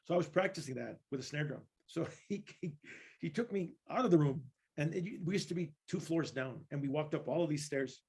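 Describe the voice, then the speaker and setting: A man's voice: a little high, fairly quick, a little mellow, slightly rough. A man from East Los Angeles, a guest percussionist, telling rambling anecdotes in a casual interview, laughing now and then. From East Los Angeles, California. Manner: rambling anecdotes with many fillers and restarts, laughing while telling stories.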